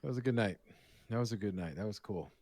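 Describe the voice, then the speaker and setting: A man with a very low voice chats casually as co-host of a live painting stream. He tells rambling stories with lively restarts. The sound is close and dry. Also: fast talker, no echo. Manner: rambling, animated storytelling with restarts. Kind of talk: casual chat.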